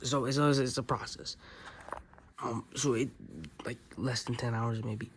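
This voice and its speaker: A man in casual show-and-tell about his own toy build, excitedly acting out scenes with sound effects. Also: medium pitch, unhurried. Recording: noisy room with keyboard clicks.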